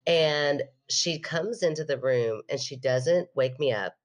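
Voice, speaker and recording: A woman podcast host telling a story in casual chat, animated, laughing often and acting out what people said. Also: low-pitched, a little slow.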